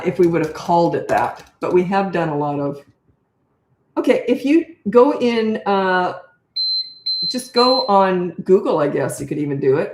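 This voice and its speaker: A woman's voice: fairly low pitch, a little mellow. Blunt older woman in an echoey room. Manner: blunt, off-the-cuff, thinks aloud with restarts. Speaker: parenting coach. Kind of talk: casual live Q&A, answering viewer questions.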